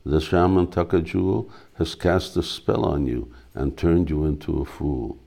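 A stern elderly female ascetic, voiced by a man reading a devotional drama aloud. The voice sits extremely low, with a gravelly creak, and moves slowly. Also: warm tone, heavily acted.

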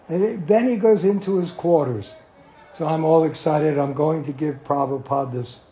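Slow older man telling a story. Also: fairly high pitch, echoey room, highs cut off, a little hiss or hum. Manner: slow, animated storyteller who acts out quotes and chuckles. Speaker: devotee telling memories. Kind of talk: anecdotal storytelling to a small group.

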